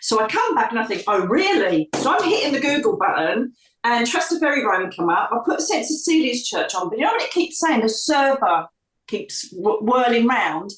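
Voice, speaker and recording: A woman with a slightly high voice tells a long personal story as an interview guest. She is lively and chatty, laughs often, and mimics the people she quotes. The sound is roomy, and she sits some way from the microphone. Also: normal speed. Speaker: psychic medium guest. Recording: roomy sound, distant from the mic.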